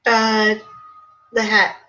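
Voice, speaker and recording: A woman co-hosts a podcast, answering her dad with short, dry, teasing lines. Her voice is bright and sharp, and the recording sounds dull and lo-fi. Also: a little high, monotone, drawn-out words. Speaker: co-host, host's adult child. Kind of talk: casual podcast chat.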